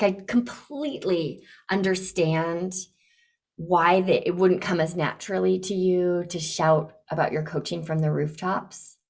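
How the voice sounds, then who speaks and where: A woman coaching a client live on a podcast, encouraging and direct, acting out lively examples. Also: fairly low pitch. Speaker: business coach and podcast host.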